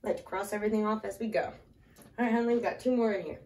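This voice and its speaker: A woman's voice: medium pitch, fast talker, darkish tone. A woman teaching a casual math lesson at a whiteboard, talking through each step aloud and chatting with a small child she holds. She sounds slightly out of breath. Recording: echoey room, voice from a distance.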